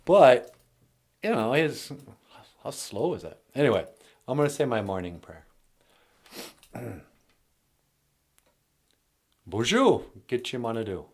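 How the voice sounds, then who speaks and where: Male host, casual comedic language teacher, unhurried, very animated delivery. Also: medium pitch, husky. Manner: playful, jokey, slips between plain talk and silly bits.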